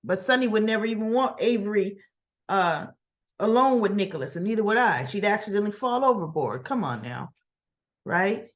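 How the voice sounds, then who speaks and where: A woman's voice: medium pitch, expressive, normal speed, lo-fi sound. A woman chatting through a casual soap opera recap, gossipy and full of asides and restarts. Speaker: soap opera review vlogger. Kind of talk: casual episode recap and commentary.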